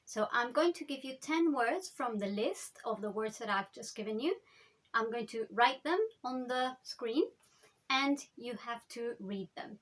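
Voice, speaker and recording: A woman teaching the alphabet in an upbeat, encouraging lesson, spelling out letters slowly. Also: a little high. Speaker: language teacher. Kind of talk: friendly language lesson.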